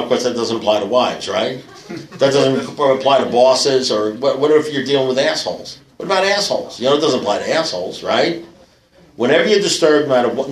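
A man's voice: mid-range voice, reverberant, low-quality recording. A man telling a long story to a recovery meeting, rambling with many fillers and blunt, profane humour. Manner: rambling, full of "you know" fillers. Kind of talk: storytelling talk to a live audience. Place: meeting room with an audience.

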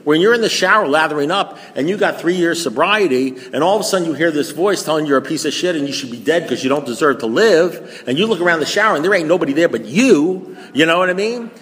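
A man's voice: on the high side, animated, fast talker, hardly any pauses, a bit bright. A man giving a recovery meeting talk to a live audience. He is blunt and profane and keeps firing rhetorical questions at the room. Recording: long reverb of a large hall.

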